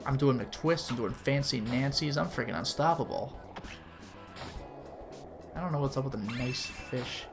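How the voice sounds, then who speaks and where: A man's voice: medium pitch, unhurried, vocal fry, long pauses, music in the background. A man giving casual, rambling commentary while streaming a game, peppered with fillers. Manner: chatty and rambling, with frequent "like" fillers.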